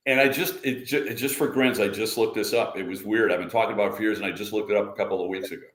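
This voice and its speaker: An older man, a police trainer, answering an interview question in a casual, animated storytelling way and acting out quotes. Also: fairly low pitch, racing. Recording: echoey room.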